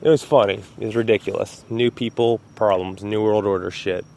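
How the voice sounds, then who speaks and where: Male podcast host, lowish voice, loose storyteller who swears a lot, home recording with slight background noise. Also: steady tone, a little fast, creaky, mellow. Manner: laid-back, rambling, swears freely, laughs at own stories. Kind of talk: casual solo podcast storytelling.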